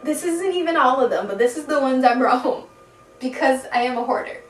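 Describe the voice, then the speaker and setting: Expressive and brisk, a young woman with a fairly high voice does a laid-back tarot reading, giggling, cursing mildly, and elongating words to stress them. The mic is distant, as she sits a little back from it in an echoey room at home. Soft music plays faintly behind her.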